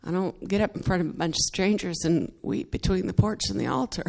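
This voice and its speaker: A woman's voice: fairly low pitch, expressive, a little fast, vocal fry, mellow. A woman giving an earnest, emotional testimony in worship, laughing between phrases and growing more fervent as she goes. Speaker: church member giving testimony.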